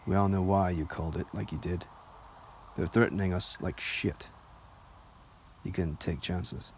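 Loyal officer played by a man, deep and low, quiet reassurance. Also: fairly even intonation, unhurried, slight background noise. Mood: reassuring.

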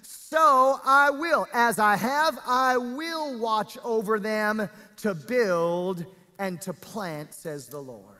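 A male pastor preaching a sermon, reading scripture aloud with drawn-out, half-sung emphasis and stirring the congregation. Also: very high-pitched, bright, forceful tone, long reverb tail.

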